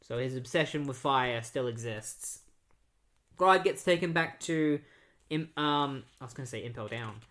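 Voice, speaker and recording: A man's voice: medium pitch, unhurried, fairly bright tone. A man casually recapping comic book issues, rambling with lots of filler words. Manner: rambling, full of "like" and "you know". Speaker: comic book podcast host.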